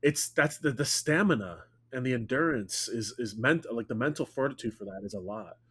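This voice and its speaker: A man's voice: mid-range voice, animated, moderate pace, a bit bright, slightly rough. Chatty upbeat male podcast host. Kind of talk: casual interview chat.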